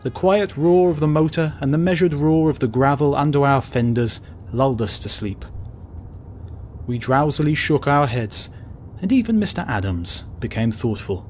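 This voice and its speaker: A man reading a travel story aloud as an audiobook narrator, measured and steady. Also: on the high side, slight background noise. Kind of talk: scripted narration.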